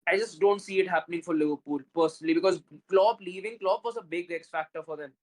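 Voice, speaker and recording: Young male co-host, quick and high-pitched, opinionated football takes. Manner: quick, stumbling starts, opinionated. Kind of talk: casual football chat.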